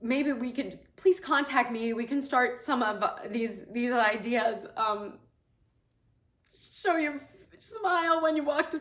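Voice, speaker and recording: Mom talking to camera, kinda high voice, rambly and earnest, lots of ums, echoey room. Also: female voice, takes it slowly, a bit bright. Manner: earnest, rambling, many fillers and restarts. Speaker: mom and health coach sharing ideas. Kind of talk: casual talk to camera.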